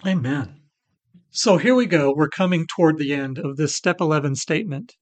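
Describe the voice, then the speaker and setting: A man's voice: fairly high pitch, lively intonation, normal speed. A middle-aged man co-hosting a faith-based recovery talk, sharing his personal testimony earnestly. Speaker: recovery podcast co-host.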